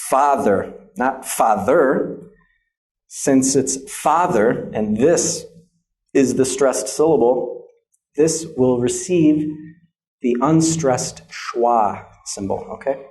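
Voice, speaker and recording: Teaching English pronunciation to a class, a mellow American man with a mid-range voice models vowel sounds and tacks "okay?" onto almost every point.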